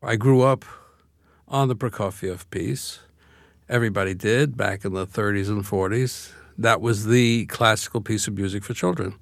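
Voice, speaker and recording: A man's voice: lowish voice, normal speed, gravelly, dry recording, studio quality. An older man from Brooklyn, a guest author talking in a reflective, wry way in a radio interview. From Brooklyn, USA. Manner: reflective, wry, laughs easily.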